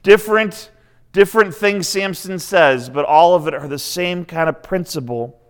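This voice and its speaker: Smooth-voiced man preaching conversationally. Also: high-pitched, moderate pace. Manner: conversational, retells scripture with asides. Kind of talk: sermon.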